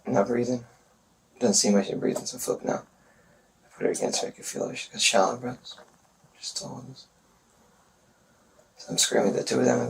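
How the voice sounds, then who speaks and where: A man speaking haltingly in a police interview, pausing often, in a gravelly voice. He sits away from the microphone, and faint noise runs under his voice. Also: mid-range voice, distant mic, low-quality recording. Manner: halting, hesitant, full of pauses. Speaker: murder suspect in a police interview. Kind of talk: recounting events in an interview.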